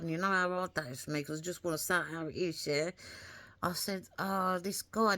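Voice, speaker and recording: A woman's voice: on the low side, fairly bright tone, no room sound. A woman, telling a story in a rambling, chatty way and acting out the things she said. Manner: rambling, chatty, acts out her own quoted words. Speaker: vlogger. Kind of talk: casual storytelling to camera.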